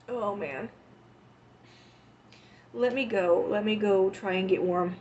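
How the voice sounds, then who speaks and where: A woman's voice: mid-range voice, darkish tone, highs cut off, a little hiss or hum. A woman in her forties, a livestreamer chatting casually with her viewers at home, emotional and close to tears as she thanks them. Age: 40s. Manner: tearful and affectionate, talking to chat.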